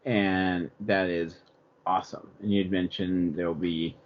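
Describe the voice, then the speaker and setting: A man with a very low voice asks his questions hesitantly, full of fillers. He is a fan outlet guest, and the video call audio sounds dull and lo-fi. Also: level tone, unhurried, a little hiss or hum. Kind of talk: casual roundtable Q&A.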